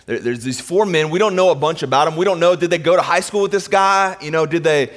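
A man's voice: fairly high pitch, fast. Man, pastor, casual conversational sermon, repeats words, long church reverb. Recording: long reverb of a large hall.

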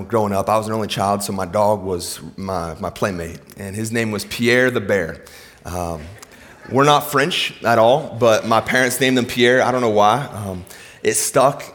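A man preaching a sermon, telling stories that sink to a hushed low voice and then rise into emphatic, raised delivery. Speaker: pastor. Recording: hall reverb.

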